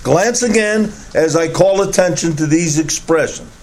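A man preaching an expository sermon, reading scripture deliberately and repeating key phrases for emphasis. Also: a little high, a little mellow, a little hiss or hum.

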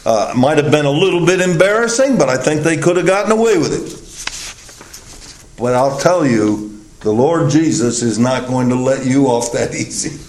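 A man's voice: mid-range voice, expressive, moderate pace, darkish tone. A man preaching a sermon in a conversational way, acting out the thinking of the people in his story. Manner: conversational, acts out the disciples' reasoning. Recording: echoey room, taped sermon.

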